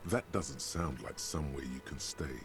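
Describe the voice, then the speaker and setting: A dry, deep inner narrator. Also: male voice, reverberant, over loud music. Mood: narrating. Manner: measured, clinical, wry. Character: inner male voice narrating a detective's mind.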